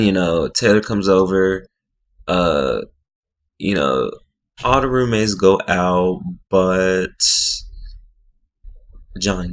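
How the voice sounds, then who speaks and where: A man's voice: low voice, fairly bright tone. A man casually recapping a reality TV episode, rambling with lots of fillers, restarts and slang.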